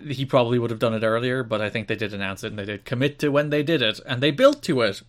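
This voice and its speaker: A man's voice: mid-range voice, fast talker. A man co-hosting a podcast, chatting casually and animatedly, laughing often. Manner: animated, laughing, frequent restarts. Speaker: podcast co-host. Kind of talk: casual chat.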